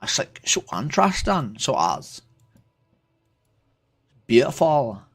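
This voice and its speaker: A man's voice: mid-range voice, big pitch swings, takes it slowly, slightly rough. A man with an Irish accent, casually chatting with strangers on a livestream, rambling with lots of filler words and swearing. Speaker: streamer.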